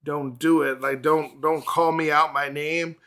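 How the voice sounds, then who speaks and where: A man hosting a music reaction video, talking casually and reacting with quick excitement between plays of the track. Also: on the high side, smooth.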